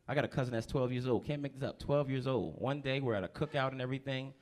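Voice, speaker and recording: A man's voice: mid-range voice, quick pace. A man in his thirties from New Jersey doing a stand-up set in a comedy club, brash and profane, working the crowd.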